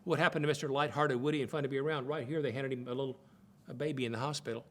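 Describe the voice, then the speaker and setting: A man's voice: medium pitch, fairly even intonation, very fast, slight background noise. An older man giving a folksy, conversational teaching talk at a Bible college, often repeating words as he thinks aloud.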